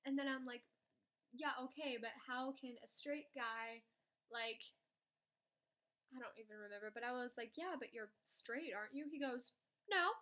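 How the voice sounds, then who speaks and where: A young woman vlogger telling a story in casual chat, dramatic and chatty, jumping between loud outbursts and soft asides. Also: a little high, normal speed, long pauses.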